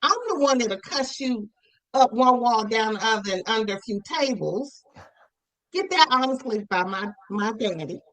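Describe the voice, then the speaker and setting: A woman author chatting as a podcast guest, telling animated stories and acting out her parents' voices. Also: a little high, normal speed, rough recording. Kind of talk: casual podcast conversation.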